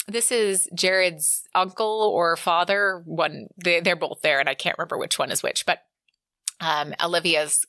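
Bright-voiced woman co-hosting a book podcast. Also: fairly low pitch, no room sound. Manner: reads quotes aloud with light acting. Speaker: podcast co-host. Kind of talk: casual book chat.

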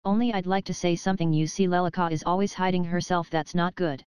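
A woman's voice: lowish voice, steady tone, quick pace, darkish tone, clear, resonant tone, no room sound, lightly acted. A woman reading the part of a frightened, superstitious old nurse with a trembling, doleful voice. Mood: worried.

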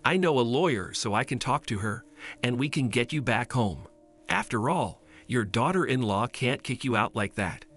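A man voicing a protective, stern mother who speaks in a sharp, scolding way. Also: mid-range voice, expressive, moderate pace.

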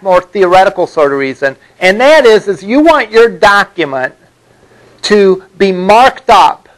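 High-voiced male web instructor lecturing. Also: poor audio. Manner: explanatory, repeats "all right?" to check understanding. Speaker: college instructor. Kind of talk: classroom lecture.

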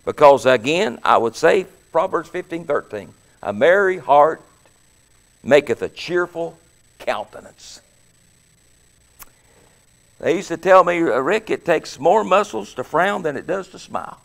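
A man preaching an exuberant sermon as pastor, breaking into shouts and laughter. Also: on the high side, expressive, measured pace, creaky, long pauses.

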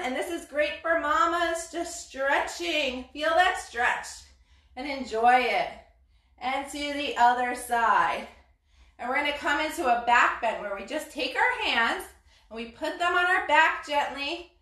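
High-pitched woman leading kids' yoga. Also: animated, a little slow, bright, forceful tone. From Brooklyn. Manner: cheerful, encouraging, sing-song cues. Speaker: yoga instructor. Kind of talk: live-streamed kids' yoga class. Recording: roomy echo, mic at a distance.

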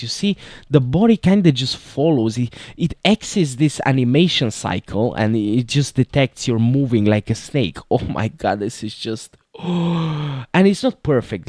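A man giving excited let's-play commentary, gushing about a game, gasping and laughing, swinging from loud to soft. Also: medium pitch, unhurried, no echo, clean studio sound. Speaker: gaming youtuber.

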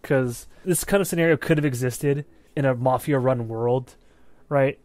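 A man co-hosts a movie podcast, chatting loosely about films with animated energy and free swearing, often checking in with a quick "right?". His pitch is mid-range, and the sound is dry and close with no room echo.

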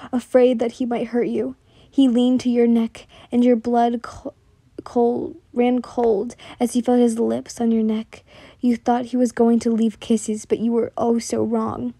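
A young woman narrates a second-person fan fiction story in a soft, slightly high voice that often drops to a whisper. She stumbles and restarts lines, and there's no echo.

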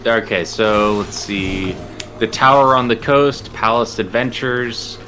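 A man's voice: on the low side, steady tone, slow, faint music behind. A man co-hosting a game stream, casually giving tech help and goofing around. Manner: goofy, helpful, bursts into silly shouts. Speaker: co-host helping with the stream. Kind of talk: casual gameplay stream chat.

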